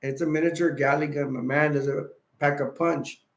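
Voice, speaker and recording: Gravelly playful man chatting on a livestream. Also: fairly high pitch, steady tone, moderate pace. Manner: rambling, playful, laughs easily. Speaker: livestream host. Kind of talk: casual live stream chat.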